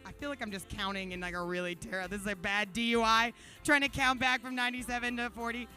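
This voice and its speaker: A woman's voice: on the high side, fairly even intonation, fast, sharp tone, faint music behind. A woman emceeing a live charity paddle auction, playfully hyping the crowd and calling out the bids. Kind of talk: live event hosting. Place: brewery event stage.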